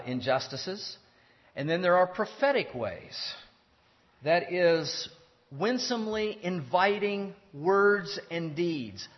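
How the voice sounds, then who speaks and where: A man giving a measured theology lecture, explaining step by step with pauses and restarts. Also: a little high. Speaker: teacher. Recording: dull lo-fi sound with long hall reverb.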